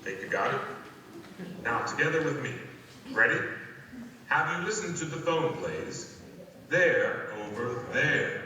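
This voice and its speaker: A man playing a calm, secretive guide. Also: medium pitch, a crowd in the background, close to an everyday voice. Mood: calm, instructive. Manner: measured, deliberate, hypnotic instruction. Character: calm, secretive male guide giving instructions. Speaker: phone play narrator. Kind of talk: scripted audio play monologue. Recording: echoey hall, voice from far off, faint ambience.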